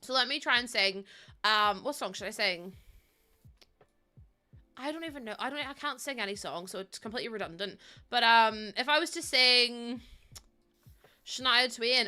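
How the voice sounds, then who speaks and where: A woman's voice: a little high, animated, normal speed, bright, forceful tone, faint music behind. A young woman with a Northern Irish accent, chatting casually and rambling with lots of ums as she streams a game to her chat. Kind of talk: casual livestream chat while playing.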